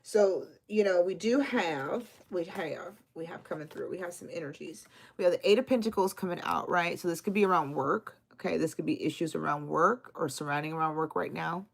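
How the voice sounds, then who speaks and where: Gravelly-voiced woman giving tarot readings. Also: on the low side, a little fast. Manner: casual, affectionate, uses slang and cussing; reads viewer names and answers comments. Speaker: tarot reader. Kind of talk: live-stream tarot reading.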